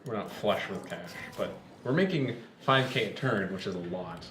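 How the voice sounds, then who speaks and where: A man's voice: fairly low pitch, animated, moderate pace. A man casually chatting and joking while playing a strategy game, laughing easily. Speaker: let's play host. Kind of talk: casual gameplay chat. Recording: echoey room with noise.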